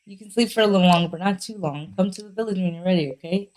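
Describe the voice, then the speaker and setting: A woman voicing a cheerful young female friend in a game, who gently teases and chides a sleepy companion. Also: on the low side, very fast, natural voice. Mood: friendly teasing. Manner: friendly, chiding, lightly teasing.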